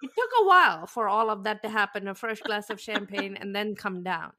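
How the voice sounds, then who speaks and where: A woman's voice: medium pitch, a little fast, bright, forceful tone. A woman co-hosting a podcast, chatting playfully and laughing as she recaps a reality show. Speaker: podcast co-host. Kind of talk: casual recap chat.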